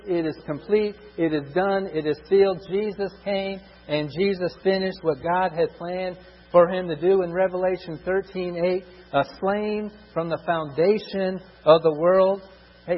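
Husky preacher in an echoing hall. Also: male voice, high voice. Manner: emphatic, repetitive, rises and drops in volume for stress. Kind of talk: sermon. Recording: muffled with long hall reverb.

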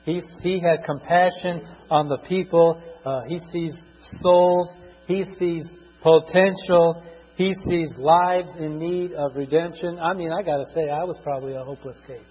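A middle-aged man preaching a sermon, husky, swinging between loud emphatic bursts and quiet asides, drawing out scripture verses slowly. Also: fairly high pitch, fairly even intonation. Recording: dull lo-fi recording in a reverberant hall with mains hum.

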